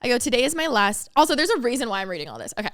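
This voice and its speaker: A woman hosting a podcast alone, talking openly and from the heart, quick to laugh, on a studio mic. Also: a little high, sing-song, a bit bright, no echo. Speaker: podcast host. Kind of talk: candid solo podcast reflection.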